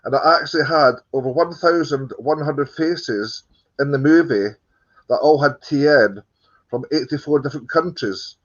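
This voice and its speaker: A Scottish man speaking as an interview guest, his voice a touch high for a man. He tells his story earnestly, padding it with ums and slipping in dry jokes. The call sound is dull and lo-fi. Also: moderate pace. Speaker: guest film producer. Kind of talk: casual interview chat.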